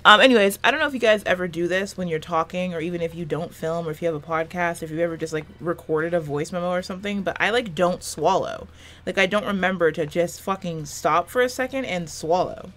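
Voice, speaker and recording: A fast-talking woman in her twenties with a lowish, slightly bright voice records casual let's-play commentary as a gaming YouTuber. She rambles, swears often, and runs herself down, while a fan hums in her small room.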